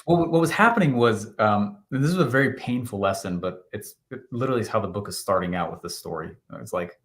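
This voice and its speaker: A man in his thirties, a podcast guest telling a story in lively fashion, laughing often and acting out what people said. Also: on the low side, fast talker. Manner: animated, laughs often, acts out quotes. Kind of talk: storytelling interview answer.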